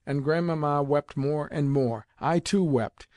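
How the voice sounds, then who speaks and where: A man narrating a classic novel as an audiobook reader, in a measured, even reading. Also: fairly high pitch, no echo.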